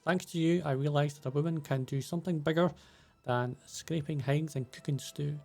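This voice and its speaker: A man's voice: fairly high pitch, fairly even intonation, normal speed, creaky, dark tone, soft background music. A man reading the lines of a resentful, reproachful tribeswoman aloud from game subtitles, in his own voice.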